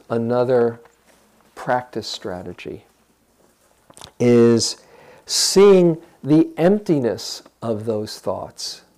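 Slow, gravelly older meditation teacher. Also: male voice, mid-range voice. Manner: gentle, unhurried, reflective, guiding listeners. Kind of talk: dharma talk.

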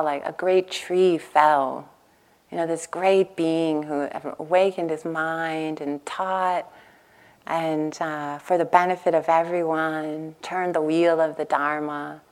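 A woman meditation teacher giving a dharma talk to a retreat audience. She tells stories in a casual, chatty way, full of "like" and "you know", and acts out her own past thoughts with laughter. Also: lowish voice. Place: meditation hall before a live audience.

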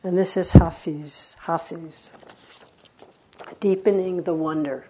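A woman meditation teacher giving a dharma talk in a gentle, unhurried way, with reflective pauses. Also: on the low side, steady tone, a little hiss or hum.

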